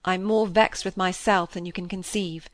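A woman reading the part of an earnest, apologetic young gentleman in her own low, even voice. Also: moderate pace, no room sound, natural voice.

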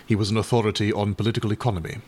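A man reading aloud and voicing a mild, doubtful Edwardian gentleman who speaks politely and hesitantly. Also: on the low side, little pitch movement, very fast, lightly acted. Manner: hesitant, polite, a little flustered.

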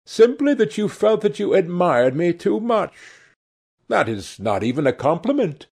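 A man's voice: sits high, very animated, measured pace, creaky, darkish tone, husky, pitched above the performer's own voice, full character voice. A man reading aloud and voicing a charming, evasive, secretive young man in a light, lifted voice. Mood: airy, evasive.

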